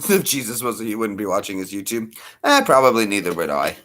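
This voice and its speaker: Casual vlogger, middle-aged American man, lively pitch, rambling and jokey. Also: brisk. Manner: jokey, slips into silly mock accents.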